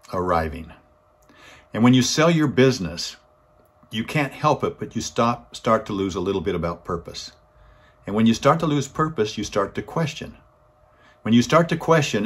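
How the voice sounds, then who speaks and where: A man giving a weekly inspirational talk, telling a story in an earnest way and rising in force on key points. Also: husky. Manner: earnest, swells louder and higher on key points. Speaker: motivational speaker.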